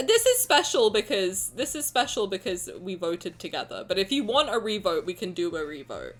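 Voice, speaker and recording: A woman streamer chatting casually with her viewers, excitable and gushing, swearing freely. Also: a little high. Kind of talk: casual livestream chat.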